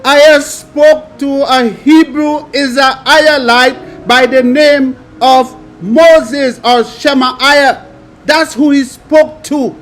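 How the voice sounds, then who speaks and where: A man preaching, reading scripture aloud and adding emphatic commentary in a slow, drawn-out delivery. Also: extremely high pitch, fairly bright tone.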